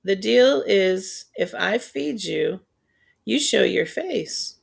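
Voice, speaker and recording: A woman reading aloud, voicing a friendly grown man who gently coaxes a hungry child out of hiding, slow and patient. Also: medium pitch, animated, creaky, breathy edge, full character voice. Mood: coaxing. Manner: gentle, coaxing, unhurried.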